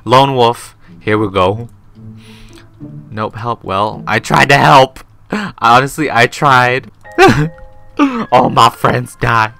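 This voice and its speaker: A young man doing Let's Play commentary on a game, excitable, often jumping to high shrieks and laughter, with game music behind. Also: takes it slowly, vocal fry, long pauses. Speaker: gaming YouTuber.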